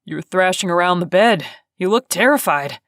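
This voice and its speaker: A woman voicing Cade, a terse low-voiced man. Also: expressive, moderate pace, fairly bright tone, no echo, clean studio sound. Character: steady, guarded grown man on the run.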